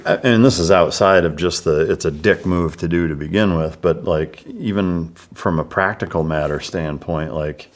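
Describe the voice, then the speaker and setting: Deep-voiced laid-back male host. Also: moderate pace, hardly any pauses. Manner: laid-back, profane, thoughtful asides. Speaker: podcast host. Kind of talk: casual conversational interview.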